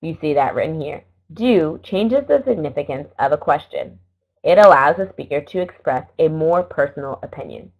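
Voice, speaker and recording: A middle-aged woman teaching an English lesson, explaining slowly and carefully and correcting herself now and then. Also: sits low, expressive, gravelly, slightly rough. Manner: slow, careful explaining with small self-corrections. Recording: dull lo-fi recording.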